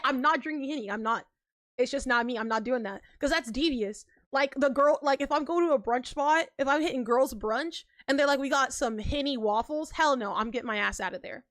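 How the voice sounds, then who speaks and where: Young woman, streamer, high-pitched, casual slangy chat, frequent laughter, dry recording. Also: no room sound. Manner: animated, slangy, laughs often between lines. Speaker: live streamer.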